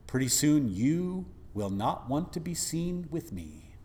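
A preacher voicing a calm, knowing male teacher who speaks plainly and matter-of-factly. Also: on the high side, takes it slowly, voice pushed up.

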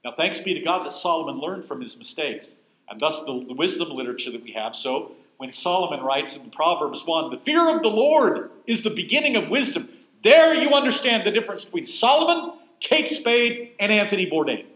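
A man's voice: a little high, sing-song, a little fast, a bit bright, roomy sound, low-quality recording. A man teaching a Bible class in a conversational, emphatic way, often putting questions to his listeners. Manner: emphatic, asks the room questions.

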